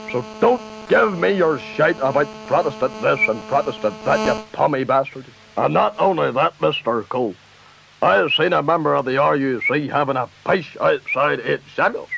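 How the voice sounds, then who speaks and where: A man's voice: a little high, vocal fry. A man with a Northern Irish accent doing a comic impression of a ranting, foul-mouthed loyalist preacher-politician. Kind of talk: comic radio sketch impression. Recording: dull lo-fi tape with faint hiss.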